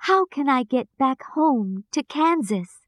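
A woman's voice: high voice, expressive, unhurried, dry recording, pitched above the performer's own voice. Woman voicing a curious, bewildered young girl. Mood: wondering. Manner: questioning, innocent.

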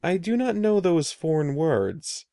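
A man's voice: fairly high pitch, very animated, a little slow, mellow, dry recording, studio quality, voice pushed up. A man voicing a polite village boy who speaks in a formal, old-fashioned way.

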